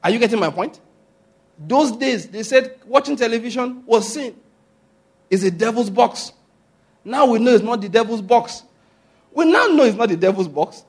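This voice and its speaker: Husky-voiced preacher man, emphatic. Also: very high-pitched, animated, moderate pace, pauses often. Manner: emphatic, repeats key phrases, asks the listeners questions. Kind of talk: sermon.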